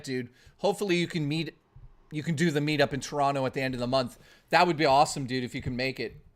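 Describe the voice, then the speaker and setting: A man livestreaming in casual chat, rowdy and profane, thanking chat and joking excitedly. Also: fairly high pitch. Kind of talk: casual live-stream chat.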